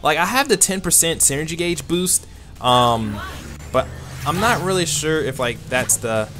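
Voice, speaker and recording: A man commentating his own online fighting game matches, animated and self-deprecating, with quick outbursts and laughs. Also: on the high side. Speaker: gaming YouTuber. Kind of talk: let's play commentary. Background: game music.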